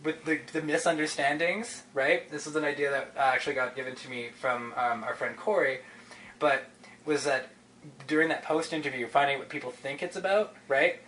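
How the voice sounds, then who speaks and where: A man's voice: on the high side, fairly even intonation, moderate pace, a bit bright, a little hiss or hum, rough recording. A man, a podcast guest explaining his show in loose, rambling talk full of fillers and restarts. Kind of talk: casual interview chat.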